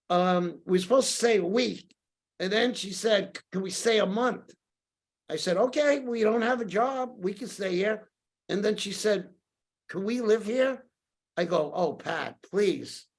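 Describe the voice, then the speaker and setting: A man's voice: sits high, unhurried. Older New man telling stories. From New York. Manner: lively anecdotal storyteller, acts out quoted dialogue. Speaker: podcast guest. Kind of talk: casual storytelling interview.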